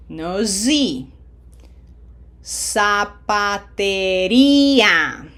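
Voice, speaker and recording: A woman teaches Spanish word stress at a deliberately unhurried pace. She draws each example word out slowly and coaches the learner with short asides between drills. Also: medium pitch. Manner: slow, drawn-out modeling of Spanish words with coaching asides. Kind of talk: language lesson.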